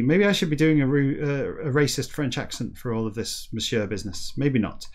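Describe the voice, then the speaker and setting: A man hosting a comedy podcast, reading garbled text slowly and carefully, with dry, self-mocking asides. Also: mid-range voice, animated, a little mellow. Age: adult with children. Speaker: podcast host reading a novel aloud. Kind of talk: comic reading aloud with chatty asides.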